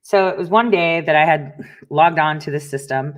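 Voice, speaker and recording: A middle-aged woman hosts a talk show, delivering a casual monologue to listeners full of stories and blunt rants, swearing often and laughing. Her voice is deep, at normal speed.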